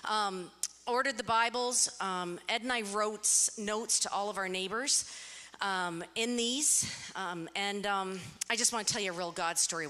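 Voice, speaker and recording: Woman, church member, storytelling testimony; bright tone, hall echo. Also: medium pitch. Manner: storytelling, acts out quoted dialogue. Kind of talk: personal testimony. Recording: echoey hall.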